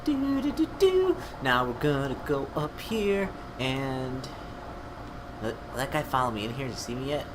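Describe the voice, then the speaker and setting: A young man casually commenting while playing a video game, excitable and trash-talking enemies. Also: mid-range voice, normal speed, noisy background. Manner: excitable, yells at enemies, playful trash talk. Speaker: co-host gamer. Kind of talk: casual let's-play commentary.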